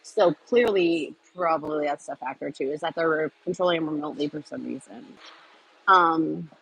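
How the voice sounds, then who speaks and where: A woman's voice: low-pitched, normal speed, vocal fry, a bit bright, slightly rough, poor audio. A woman hosting a casual livestream, rambling from topic to topic with lots of fillers and answering viewer comments as she goes. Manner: scattered, trails off with many fillers. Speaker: livestream host.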